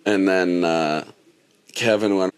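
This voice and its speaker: A man with a low, deep voice chatting on a podcast. He tells his stories in an easygoing, laid-back way. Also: slow pace, clear, resonant tone. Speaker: podcast co-host. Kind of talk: casual chat.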